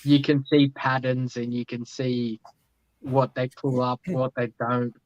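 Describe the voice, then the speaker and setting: Man, measured, monotone, dry dull lo-fi sound. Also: medium pitch, no room sound. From Australia. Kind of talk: casual chat.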